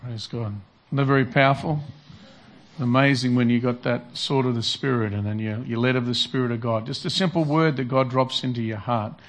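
A man's voice: medium pitch, a little fast. A man preaching earnestly in a sermon, reflecting on a story and repeating his key phrases. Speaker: pastor.

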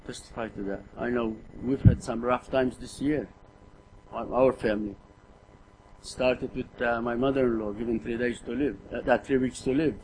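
A man's voice: mid-range voice, a little mellow, slight background noise, low-quality recording. A middle-aged man preaching a sermon in an earnest way, often repeating words and putting rhetorical questions to his listeners.

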